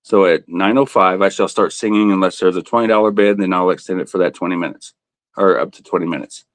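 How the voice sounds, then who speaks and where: A man with a fairly low voice hosts a relaxed live auction, teasing himself and the bidders and laughing between items. His voice is recorded close and dry, with no room echo. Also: fast. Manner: joking, laughs often, self-teasing; talks buyers through bids by name. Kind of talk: casual livestream auction chat.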